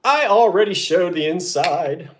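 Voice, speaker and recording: An American man with a high, expressive voice hosts a live online auction, taking his time as he counts down bids and jokes with regular buyers in casual chat. He keeps breaking into coughing fits, and there's noticeable noise in the background.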